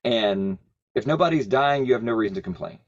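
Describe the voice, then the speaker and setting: A man as a podcast guest, telling a personal story in an earnest, thoughtful way with frequent pauses. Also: mid-range voice, animated, muffled recording. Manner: earnest, thoughtful, pausing often with fillers.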